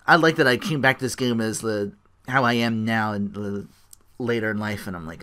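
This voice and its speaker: A man's voice: on the low side, fairly quick, a bit bright. A man giving casual game commentary, rambling and leaning on filler words. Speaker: let's play commentator.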